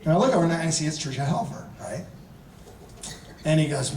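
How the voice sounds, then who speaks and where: A man in his fifties, a guest actor telling a casual anecdote to a convention audience, animated and chuckling, often restarting his sentences. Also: a little high, fairly quick, pauses often, slight background noise. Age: 50s. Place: large convention hall panel. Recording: echoey hall audio from a distance.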